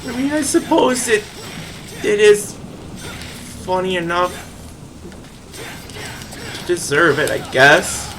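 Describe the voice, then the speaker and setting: Rambly giggly streamer voice, slow and bright, lively pitch, faint game music behind. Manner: rambling, giggly, self-deprecating. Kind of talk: casual live-stream chat while gaming.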